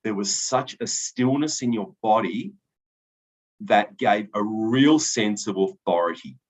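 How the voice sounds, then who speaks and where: A man's voice: on the low side, sing-song, a little slow, breathy edge. A man adjudicating a debate final, giving encouraging feedback to each speaker with frequent ums and restarts. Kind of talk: spoken feedback and results announcement. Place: event hall. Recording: dull lo-fi recording.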